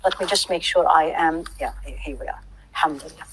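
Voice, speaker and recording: A woman teaching a religious class to a live audience, asking the room questions and stressing key words, sometimes dropping to a soft hush. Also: low voice, fairly quick, slight background noise, rough recording. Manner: animated, asks the audience questions.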